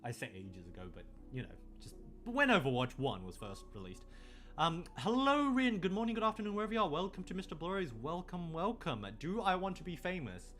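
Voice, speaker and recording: A young man with an Australian accent talks loosely through a late-night stream, drifting from one tangent to the next and swearing casually. His voice sits a little higher than most men's, with soft music playing faintly underneath. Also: very animated, a little fast.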